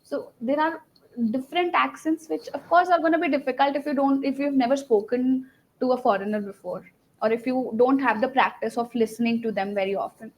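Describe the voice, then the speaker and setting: A woman's voice: high voice, a little fast, low-quality recording. A young woman with an Indian English accent teaching an online English lesson, firmly correcting mistakes and explaining patiently. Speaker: English conversation trainer.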